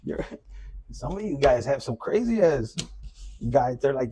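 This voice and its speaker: A man's voice: medium pitch, very animated, unhurried, warm tone, husky. A man giving a loose, profane, casual collective tarot reading. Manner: loose and profane, with Spanish slang mixed in. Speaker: tarot reader.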